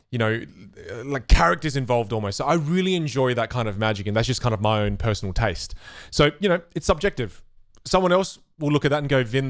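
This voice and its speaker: Animated chatty man with a dry close sound. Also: medium pitch, dry recording. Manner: chatty, animated, acts out voices of spectators and hecklers. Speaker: magic instructor answering viewer questions. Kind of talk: casual live stream Q&A.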